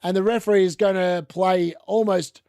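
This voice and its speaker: A man's voice: sits high, fairly even intonation, normal speed, warm tone, smooth, dry recording, studio quality. A young adult man with an Australian accent, hosting a casual live football watchalong and reacting to the chat. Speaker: watchalong host.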